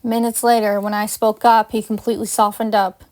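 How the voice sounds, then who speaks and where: A woman's voice: mid-range voice, flat delivery, a little fast, darkish tone. A woman reading her own first-person fan story aloud, with small slips and restarts. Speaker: fanfiction reader.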